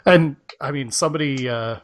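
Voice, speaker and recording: A man's voice: medium pitch, normal speed. Easygoing man co-hosting a podcast. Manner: easygoing, many filler words. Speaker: podcast co-host. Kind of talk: casual podcast chat.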